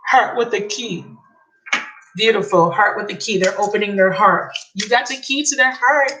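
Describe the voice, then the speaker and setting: Excited tarot-reading woman, lilt. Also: mid-range voice, normal speed, poor audio. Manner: excited, emotional, repeats key phrases. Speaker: tarot reader. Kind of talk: live channeled tarot reading.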